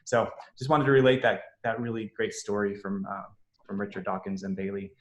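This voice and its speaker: A middle-aged man speaking on a video call, introducing his young daughter and then reading a foreword aloud, earnest and relaxed with frequent fillers. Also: lowish voice, fairly quick, roomy sound. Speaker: parent introducing a young author.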